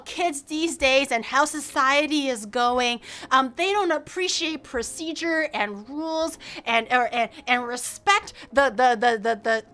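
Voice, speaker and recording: Woman playing a rambling old man, lecturing about rules, high bright voice. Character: chatty elderly man fussing over rules.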